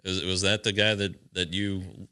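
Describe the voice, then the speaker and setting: Casting: male sports podcast host, bright, slightly distant on mic, enthusiastic reactions. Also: sits low, fairly even intonation, measured pace, smooth. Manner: eager interjections and laughs. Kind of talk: interviewing a guest.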